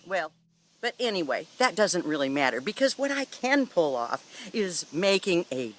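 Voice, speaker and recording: A woman's voice: fairly low pitch, very animated, moderate pace, slight background noise. A middle-aged woman from Iowa, chatting upbeat as she presents a home recipe to the camera. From northern Iowa. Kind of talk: casual on-camera cooking video.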